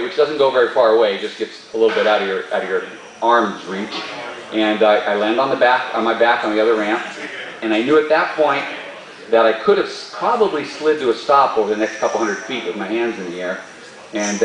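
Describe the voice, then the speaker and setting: A man, a stunt performer, telling a story at a live Q&A in an animated way and laughing often. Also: fairly low pitch, fairly quick. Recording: roomy hall, distant mic.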